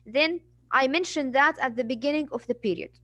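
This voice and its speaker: A woman's voice: high-pitched, a little fast, fairly bright tone, no room sound. Female English teacher, patient and explanatory, dry close recording. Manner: patient explaining, acts out examples. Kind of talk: classroom vocabulary lesson.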